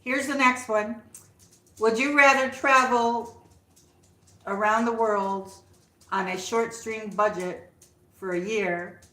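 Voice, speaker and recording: A woman's voice: mid-range voice, fairly bright tone, reverberant, rough recording. A woman hosting a casual livestream from her home, chatting with viewers and coaxing her dog. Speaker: livestream host. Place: room at home.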